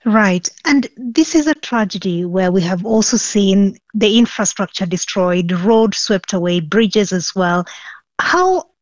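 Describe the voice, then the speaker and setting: A woman's voice: medium pitch, a little slow, no echo. Woman presenter asking probing questions. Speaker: news presenter. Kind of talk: news interview. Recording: dull, dry studio sound.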